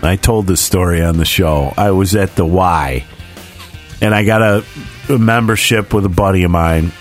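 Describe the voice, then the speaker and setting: Swearing, animated man in his forties. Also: low voice, moderate pace, faint music behind. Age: 40s. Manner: swears freely, animated storytelling with lively voiced reactions. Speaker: podcast co-host. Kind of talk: casual storytelling chat.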